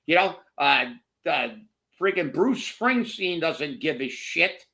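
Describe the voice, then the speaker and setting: Brief: heated male commentator, high and bright voice, profane rant. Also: very animated, slow. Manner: heated, profane, repeats words when worked up. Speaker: co-host of political commentary show. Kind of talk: angry political rant.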